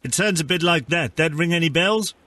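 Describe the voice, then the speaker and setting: A man's voice: fairly high pitch, fairly quick, noisy background, voice pushed up, close to an everyday voice. A man voicing a fussy neighbourhood watch man with a put-on South African accent on a prank call, stammering and repeating himself. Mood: insistent. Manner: hesitant, stammering. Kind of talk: prank phone call role-play.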